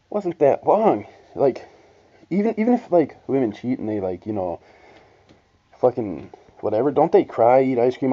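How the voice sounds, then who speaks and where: A man's voice: mid-range voice, mellow. A young man telling a personal story in a blunt, profane, rambling way, with many restarts. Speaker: vlogger. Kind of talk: casual storytelling monologue. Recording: dull lo-fi sound.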